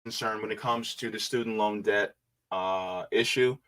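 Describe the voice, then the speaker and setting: A man hosting a casual livestream, reading viewer comments aloud and musing on them in a laid-back way with quiet hums. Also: fairly low pitch, steady tone, normal speed.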